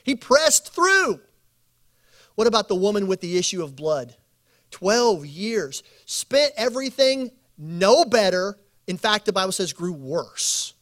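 A man preaching at a bible study, telling stories with acted quotes and building slow emphatic lists. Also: high voice, sing-song, fairly bright tone. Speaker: pastor.

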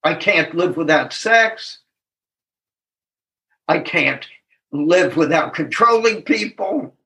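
A slow-paced older man sharing his recovery story at a meeting, reflective and earnest. His voice sits high for a man and sounds bright and clear. He leans on key words and chuckles at himself now and then. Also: animated. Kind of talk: personal recovery testimony.

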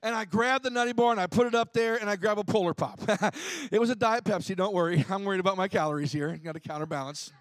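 High-voiced man preaching with humor. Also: fast, no room sound. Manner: humorous storytelling, animated, laughing. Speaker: pastor. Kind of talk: sermon.

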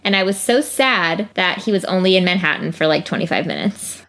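A woman's voice: lowish voice, expressive, fairly quick, creaky, fairly bright tone. A woman from New York co-hosting a casual movie-review chat, playful, laughing and acting out scenes. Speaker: podcast co-host.

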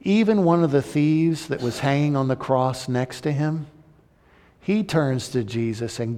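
A man preaching a sermon as pastor, moving between impassioned emphasis and hushed, near-whispered appeals. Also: mid-range voice, unhurried. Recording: long hall reverb.

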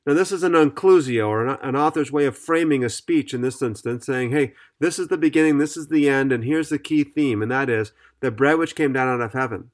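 A man's voice: medium pitch, brisk, hardly any pauses. A man teaching on a podcast Bible study, reading scripture aloud and explaining it in an earnest, methodical way.

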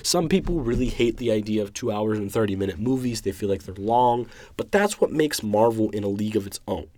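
A man's voice: fairly low pitch, animated, brisk, darkish tone, dry recording. A young man hosting his own show, talking through a film review in an eager, emotional, rambling way with lots of restarts. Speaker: podcast host reviewing a film. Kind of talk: casual solo review.

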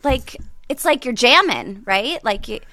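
A woman's voice: a little high, big pitch swings, measured pace, pushed and bright. An American woman, a comedian guesting on a podcast, chatting playfully and laughing often. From United States. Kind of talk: casual chat.

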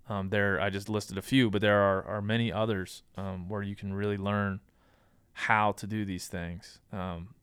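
A man's voice: on the low side, fairly bright tone, smooth, no echo. A man speaking as a podcast guest, giving casual advice in a thoughtful way with frequent ums and restarts.

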